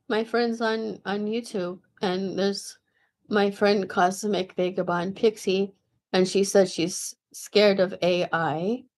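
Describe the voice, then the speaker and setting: A woman's voice: medium pitch, a little mellow. Casual chatty woman, rambly with lots of ums, normal mid voice. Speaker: video host. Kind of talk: casual chat.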